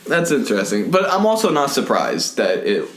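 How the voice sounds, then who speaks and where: Male podcast host, average pitch, wry and relaxed, echoey recording. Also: moderate pace. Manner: playful, dry teasing while asking questions. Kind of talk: casual interview. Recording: echoey room.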